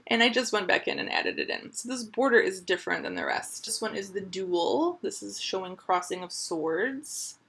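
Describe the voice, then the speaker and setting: Woman, crochet vlogger, breathy, upbeat, chatty show-and-tell. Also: mid-range voice, big pitch swings, normal speed, hardly any pauses, a bit bright. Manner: chatty, upbeat, lots of fillers.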